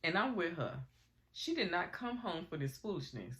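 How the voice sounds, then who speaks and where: A woman's voice: fairly low pitch, normal speed. A woman recapping a TV episode in casual, gossipy vlog commentary, talking animatedly and getting over a cold. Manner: animated, gossipy retelling with slang and acted quotes. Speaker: recap vlogger.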